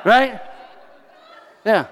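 A man preaches in an animated, joking way and tosses asides to his congregation. His voice is high. The sound carries a long reverb from a church hall. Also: drawn-out words. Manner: animated, jokey, chuckles to the crowd. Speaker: pastor. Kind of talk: storytelling sermon.

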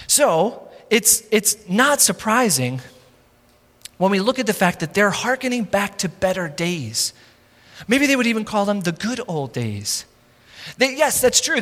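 High-voiced pastor in an echoing church. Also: male voice, bright, forceful tone. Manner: conversational, wry, emphatic rhetorical questions. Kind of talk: sermon. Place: church sanctuary.

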